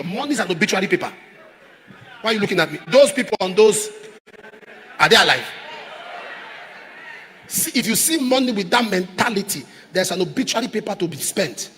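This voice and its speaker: A man preaching a sermon as a pastor, emphatic, repeating phrases and rising to shouts. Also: sits high, animated, a little fast, pauses often, in a large hall, a little hiss or hum. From Nigeria.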